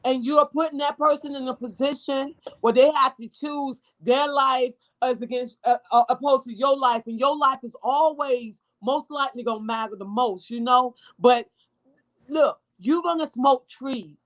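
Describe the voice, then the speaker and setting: A woman's voice: high voice, normal speed. A middle-aged woman, speaking emotionally and bluntly about her sick daughter, close to tears. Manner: raw, tearful, blunt, profane. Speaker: mother of a hospitalized daughter, guest. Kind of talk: emotional personal testimony.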